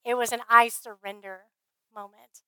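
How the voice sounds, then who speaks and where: A woman speaker at a conference, telling her faith story in an earnest, heartfelt way, often trailing off softly. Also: fairly high pitch, fairly even intonation, normal speed, clean tone, no room sound, rough recording. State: briefly emotional. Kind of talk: faith testimony talk.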